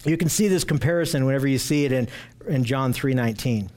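A man teaching through Bible passages verse by verse, earnest and emphatic, repeating phrases for stress and reading scripture aloud slowly. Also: medium pitch, darkish tone.

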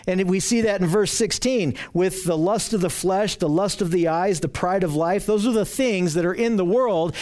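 High-voiced man teaching a Bible lesson. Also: a little mellow. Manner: earnest, emphatic, repeats words when restarting.

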